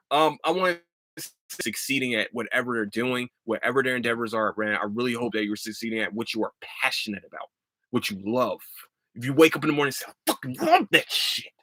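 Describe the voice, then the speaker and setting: A man hosts his solo podcast in a bright, forceful voice, close and dry with no room around it. He rants with plenty of swearing, jumps up in pitch when worked up, then laughs it off and drifts into easy chat. His voice is starting to wear thin. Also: dry recording. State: voice starting to give out. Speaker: podcast host. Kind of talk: casual solo podcast monologue.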